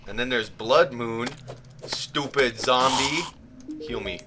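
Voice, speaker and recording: A young man giving excitable let's play commentary, often shrieking in panic and blurting silly exclamations. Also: medium pitch, slow. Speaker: gaming channel host. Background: game music.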